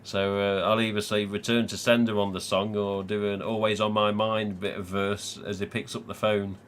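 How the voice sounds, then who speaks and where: A man's voice: on the low side, little pitch movement, normal speed, slight background noise. A man from England hosting a live stream, chatting casually, swearing freely and laughing often. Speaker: livestream host.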